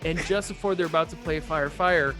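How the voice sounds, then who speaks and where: A young man on a casual podcast, telling a story with lots of swearing and acting out voices with big jumps in pitch. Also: fairly quick, over music. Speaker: podcast co-host.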